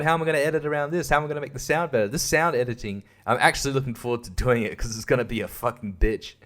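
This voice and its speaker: A man's voice: mid-range voice, a bit bright. A young man hosting a casual monologue, rambling and swearing, often laughing at himself. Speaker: host.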